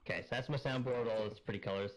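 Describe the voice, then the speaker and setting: Chatting casually over voice chat, a man speaks at a racing clip in a lowish, steady voice altered by an auto-tune effect. His talk rambles, full of fillers as he hunts for things out loud.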